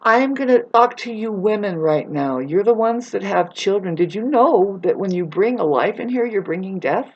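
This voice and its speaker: A woman in a rambling spiritual monologue, agitated and profane, swinging between loud outbursts and low muttering. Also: animated, normal speed, hardly any pauses, breathy edge, lo-fi sound. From United States. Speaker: spiritual vlogger.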